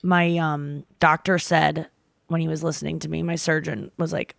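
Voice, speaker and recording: A woman hosting a podcast, talking fast in a rambling, self-deprecating way in casual chat. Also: sits low, level tone, gravelly, dry recording. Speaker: podcast host.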